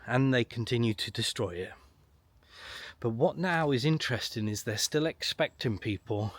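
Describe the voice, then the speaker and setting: A man's voice: mid-range voice, fairly bright tone, husky, no echo. Emphatic ranting man, dry close sound. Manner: emphatic, repetitive, ranting with long pauses. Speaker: online political commentator. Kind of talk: solo monologue to camera.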